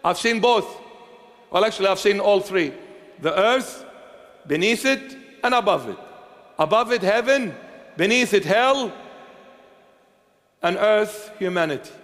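A man preaching a sermon as a bishop, impassioned and repetitive, swinging from loud declarations to hushed tenderness. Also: sits high, lively intonation, unhurried, pauses often, big-room sound. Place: church.

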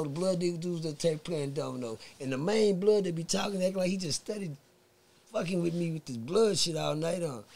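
A man's voice: on the high side, gravelly. A man from Texas, a podcast guest telling a story in casual, profane talk, acting out the voices of the people in it. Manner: profane, animated, acts out voices in his stories.

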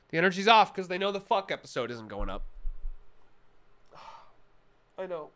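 A young male streamer with a high, bright voice that swoops up and down a lot. He rambles through casual chat with his viewers, cracking jokes and slipping into mock-serious asides.

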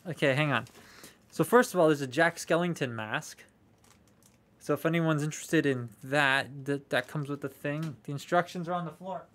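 A man's voice: fairly high pitch, moderate pace, fairly bright tone. A young man chatting casually on a live stream while unboxing collectible toys, rambling, swearing freely and answering viewer comments.

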